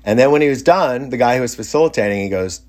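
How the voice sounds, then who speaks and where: A man's voice: medium pitch, expressive, quick pace, a little mellow. A middle-aged man telling a personal story in a casual, rambling way, often restarting his sentences and sounding amused. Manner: rambling, self-interrupting, amused. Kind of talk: casual anecdote.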